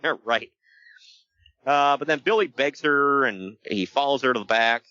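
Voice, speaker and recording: A man co-hosting a casual podcast, recapping events with jokes and quick put-on voices. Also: mid-range voice, no room sound. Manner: animated, jokey, does quick voices for quotes. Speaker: podcast co-host recapping wrestling. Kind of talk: casual chat. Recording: dull lo-fi sound.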